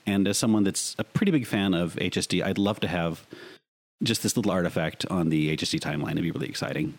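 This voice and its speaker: A man hosting a podcast, chatting in a jokey way and asking listeners for donations. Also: low-pitched. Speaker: podcast host. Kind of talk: casual podcast chat.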